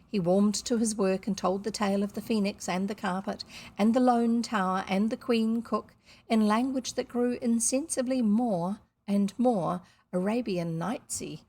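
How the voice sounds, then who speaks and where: A woman's voice: medium pitch, darkish tone. A woman from New reading a children's novel aloud on camera, with chatty, self-deprecating asides. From New Zealand. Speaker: audiobook reader on video. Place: seated indoors reading at camera.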